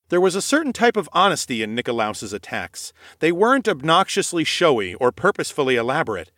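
A male narrator reads a first-person story in an expressive, scripted style. His pitch moves in a lively way, and the recording is dry and close with no room sound. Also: no echo. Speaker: audiobook narrator.

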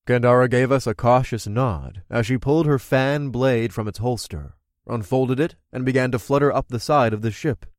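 A man narrating a first-person fantasy story in an expressive, conversational storytelling manner. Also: mid-range voice, moderate pace, hardly any pauses, no room sound, studio quality. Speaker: audiobook narrator.

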